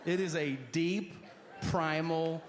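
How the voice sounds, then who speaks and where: A man's voice: fairly high pitch, steady tone, slow pace, a little hiss or hum. A man comedian telling a stand-up story, laughing through it as he goes. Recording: echoey room with loud ambience.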